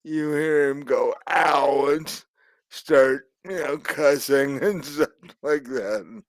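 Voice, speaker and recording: A man narrating as game master, slow and hesitant with frequent laughs. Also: fairly high pitch, no room sound.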